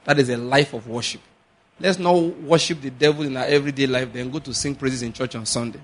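A man's voice: mid-range voice, brisk, slight background noise. A man preaching a sermon as pastor, slipping into pidgin asides and acting out little scenes. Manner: animated preaching with pidgin asides and acted-out quotes.

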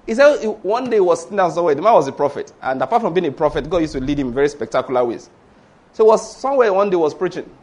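Man, preacher, storytelling sermon, high voice, animated hushed-to-loud swings. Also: very fast.

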